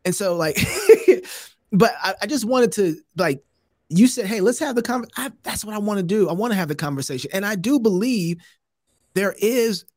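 A man talking as a podcast host, casual and animated, often breaking into laughter and restarting his thoughts. His voice sits a bit high for a man, and the sound is close and dry with no room around it. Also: moderate pace, no echo. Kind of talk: casual chat.

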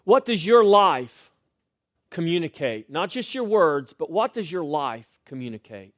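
A middle-aged male pastor preaching a sermon, swinging between loud rising lines and quiet, hushed refrains. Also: on the high side, big pitch swings, a little slow, no echo, clean studio sound.

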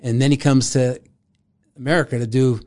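A man's voice: mid-range voice, steady tone, moderate pace, a little mellow. An older man, a guest in an interview, telling a long story in casual talk with frequent laughs. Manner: rambling, laughs often, acts out quoted voices.

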